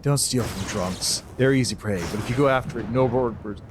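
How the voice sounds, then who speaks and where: A man voicing a stern, gruff older male thief who speaks in a slow, grave warning tone. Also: mid-range voice, noisy background, voice pushed down, lightly acted.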